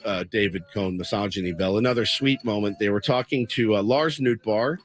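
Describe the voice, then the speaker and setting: A man co-hosting a sports talk radio show, opinionated and animated in his takes. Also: fairly low pitch. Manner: animated, opinionated, quick reactions. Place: radio studio.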